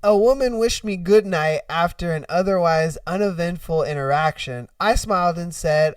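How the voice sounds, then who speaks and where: High-pitched dude podcasting, swears a lot, laughs a lot, dry sound a bit off mic. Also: male voice, normal speed, few pauses, smooth, no room sound, recorded from a distance. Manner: animated, profane, laughs a lot. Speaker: podcast host. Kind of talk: casual storytelling and reacting.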